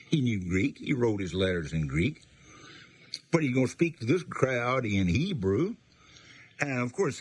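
A man's voice: fairly low pitch, breathy edge. A man teaching a Bible passage, reading verses aloud and explaining them in plain, conversational words. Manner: reads scripture aloud, then explains it in plain talk.

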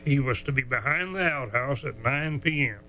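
A man telling a folksy tale, drawling and chuckling as he goes, slowing down for the dramatic parts. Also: mid-range voice, sharp tone, slight background noise, low-quality recording. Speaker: storyteller. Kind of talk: folksy storytelling.

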